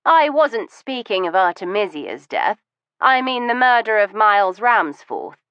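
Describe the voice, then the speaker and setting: A woman voicing a bold, sharp-witted Victorian adventuress who speaks coolly and pointedly. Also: mid-range voice, sing-song, measured pace, clear, resonant tone, no echo, dull audio, pitched above the performer's own voice. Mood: probing. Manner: cool, pointed, mock-sympathetic. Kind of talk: audiobook reading.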